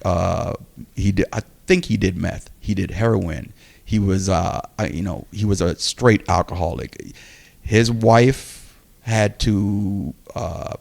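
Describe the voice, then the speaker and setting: A man with a gravelly, fry-edged voice sitting a little low in pitch tells a casual story on a podcast. He is animated and acts out the quoted lines of the people in it.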